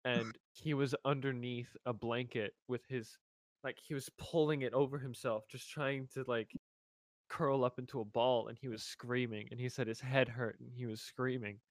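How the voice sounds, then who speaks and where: Man haltingly telling a ghost story. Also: medium pitch, steady tone, no echo.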